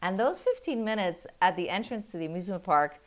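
A middle-aged woman and mother explaining parenting in an earnest, animated way, telling stories with quick laughs. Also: on the low side. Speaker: parenting guest. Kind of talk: conversational explaining.

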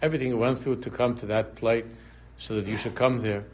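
Man, husky voice, mid pitch, casual religious class, repeats himself, humorous digressions. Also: fairly even intonation, brisk, a little mellow. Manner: conversational, repeats phrases, digresses into humorous examples. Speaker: Torah teacher.

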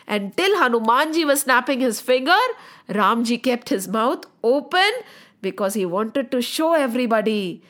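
A high-pitched woman narrating a story to children. She is animated and expressive, stretching words for effect and turning to gentle moral lessons.

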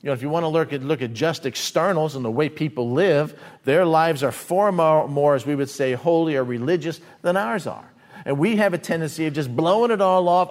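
A middle-aged man preaching a sermon as pastor, conversational, acting out quoted voices and swinging between loud and hushed. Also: medium pitch, animated, moderate pace.

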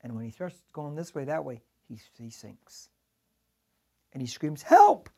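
A male pastor preaching a sermon, telling the story dramatically and swinging from loud to hushed. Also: medium pitch, unhurried, creaky, breathy edge.

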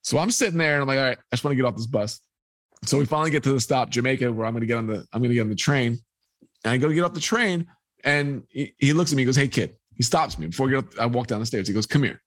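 A man's voice: medium pitch, expressive, rapid-fire, no room sound. A man, a guest telling a long personal story and acting out the people in it. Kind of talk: storytelling in a podcast conversation.

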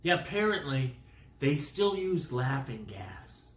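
A man drawls through a rambling comic monologue, his bright voice leaping up and down in pitch. He slips into silly made-up words and bursts of loud exasperation. The sound comes from an echoey room. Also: sing-song, slow. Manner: rambling, goofy wordplay, swings to loud exasperation.

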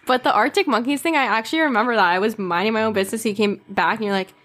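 A woman's voice: fairly high pitch, rapid-fire, a bit bright. Young woman chatting on a podcast, laughing. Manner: laughs often, acts out quoted dialogue. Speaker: podcast co-host. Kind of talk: casual chat.

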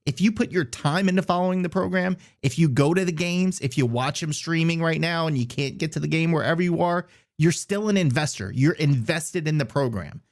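A man co-hosting a sports podcast in a relaxed, joking way, full of slang and strong opinions. His voice sits slightly high for a man. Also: brisk. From south Louisiana. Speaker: podcast co-host. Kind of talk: casual sports podcast chat.

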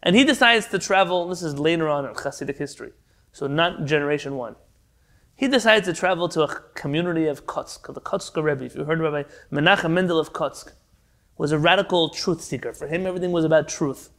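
A man teaching a class over a video call, with a fairly high pitch for a man. He tells stories in an animated, conversational way. He sometimes restarts a phrase as he goes. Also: brisk. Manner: animated storyteller, some restarts. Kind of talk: online class, storytelling lecture.

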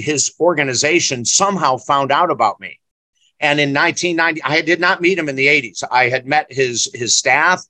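A man's voice: mid-range voice, pushed and bright, dry recording. A man in his sixties, a guest and motivational speaker, telling a story in an emphatic, blunt, preachy way. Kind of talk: storytelling in conversation.

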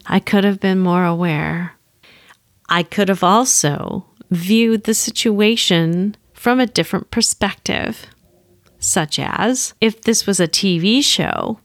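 A woman's voice: mid-range voice, no room sound, clean studio sound. A woman counselor telling a candid personal story and reflecting on what she could have done differently.

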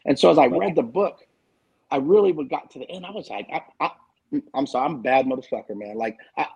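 A man's voice: mid-range voice, fast, vocal fry, a little mellow, breathy edge, lo-fi sound. A man in his forties talking candidly and emphatically in a casual panel chat, swearing freely as a guest author. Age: 40s.

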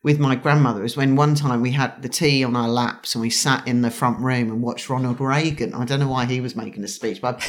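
A woman's voice: extremely low pitch, steady tone, brisk, few pauses. A middle-aged woman from England, a chef, chatting casually in a home kitchen and rambling with many restarts. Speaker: chef and guest. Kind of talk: casual interview chat.

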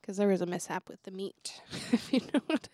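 A woman's voice: mid-range voice, a little fast, warm tone, dry recording, clean studio sound. A young woman co-hosting a podcast in casual chat, laughing often as she talks. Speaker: podcast co-host.

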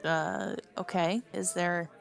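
A woman's voice: fairly low pitch, level tone, takes it slowly, gravelly, a faint crowd. A woman playing a tabletop game, giggly and hesitant with many fillers. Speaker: player. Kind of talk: casual tabletop play.

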